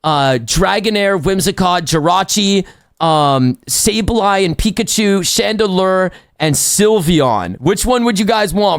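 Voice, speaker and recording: A young man live-streaming a haul and unboxing, chatting excitedly with his viewers. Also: high-pitched, normal speed, clear, resonant tone. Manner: excitable, talks to chat.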